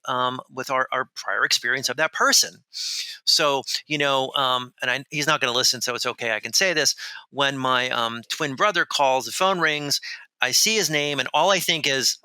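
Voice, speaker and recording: A man speaking as a guest author in a podcast interview, telling a story in an animated, rambling way with many restarts. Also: medium pitch, clean tone, dry recording, rough recording. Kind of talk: conversational storytelling.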